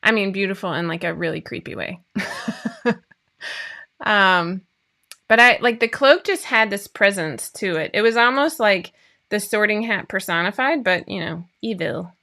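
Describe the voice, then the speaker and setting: A woman's voice: mid-range voice, animated, unhurried, sharp tone. A woman in her forties hosting a casual chat for her viewers, talking in a chatty, rambling way with frequent laughs. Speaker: host of a sewing pattern show.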